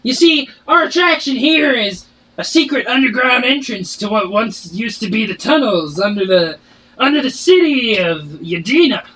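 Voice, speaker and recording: Brief: male game master plays a gruff, raspy male dwarf innkeeper, pitched high, bossy and hurried. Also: animated, sharp tone, full character voice, poor audio. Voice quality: slightly raspy. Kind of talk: tabletop role-play voicing.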